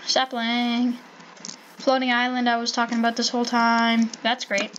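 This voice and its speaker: A woman giving playful, excitable commentary while playing a survival game, calling out to animals in sing-song baby talk. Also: fairly high pitch, normal speed, dull audio, slight background noise. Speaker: gaming channel host.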